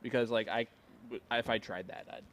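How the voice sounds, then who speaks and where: A man's voice: mid-range voice, steady tone, a little fast, fairly bright tone. Male darts commentator, chatty and playful, light noise behind. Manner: playful, teasing banter with a young guest. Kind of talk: casual live-stream commentary.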